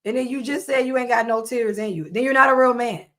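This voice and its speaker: A woman's voice: fairly high pitch, quick pace, fairly bright tone. A woman giving casual reaction commentary, blunt and scolding, repeating her points with emphasis.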